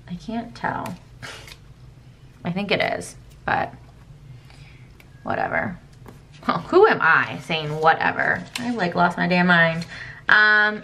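A woman's voice: medium pitch, pushed and bright, a little hiss or hum. A young adult woman chatting casually as she plans, rambling with fillers and asides. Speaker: planner vlogger. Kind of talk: casual chat while planning.

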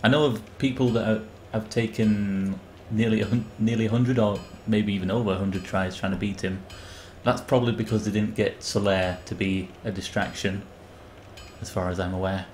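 A man's voice: fairly low pitch, steady tone, normal speed, darkish tone, slight background noise. A man giving casual, rambling commentary while playing a game and reading its text aloud. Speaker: streamer.

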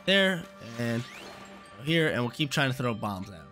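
A man's voice: mid-range voice, very animated, normal speed, bright, forceful tone, soft background music. A young man casually commentating his gameplay as a channel host, laid-back and slangy, often repeating himself.

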